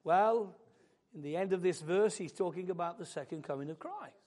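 A man preaching a sermon, building fervently into loud, emphatic declarations. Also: high-pitched, moderate pace.

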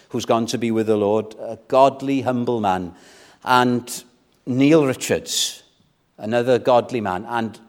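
A man preaching an evening sermon as pastor, measured in delivery and building to fervent exhortation. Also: mid-range voice, a little mellow.

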